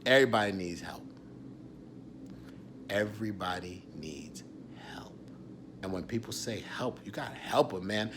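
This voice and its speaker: Intense confessional man, hushed and raw. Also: fairly low pitch, a little slow, long pauses, slight background noise. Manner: raw and intense, dropping to hushed whispers and swearing freely. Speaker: actor and writer. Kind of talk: candid confessional vlog monologue.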